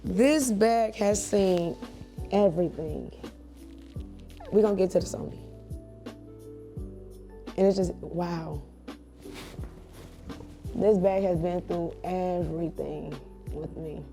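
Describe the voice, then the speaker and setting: A woman in her thirties, a church and wedding photographer, chatting to camera at home in a lively, rambling way. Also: fairly low pitch, takes it slowly, vocal fry, long pauses, soft background music. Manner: chatty, animated, digressive. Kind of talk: casual talk to camera.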